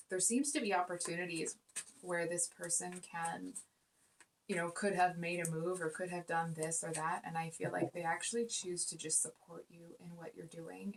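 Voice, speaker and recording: A woman's voice: fairly low pitch, a little hiss or hum. A woman giving a casual spoken tarot reading, earnest and rambling, with many fillers and restarts. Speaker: tarot reader.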